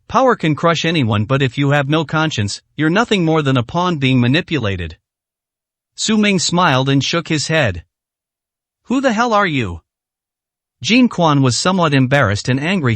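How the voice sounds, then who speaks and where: A man narrating a dramatic story in a steady, scripted reading. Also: a little high, normal speed, dry recording.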